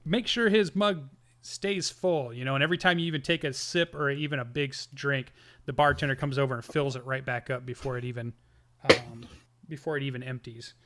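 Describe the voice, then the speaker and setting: A man narrating as game master of a tabletop game, rambling and animated with many restarts. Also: medium pitch, fast.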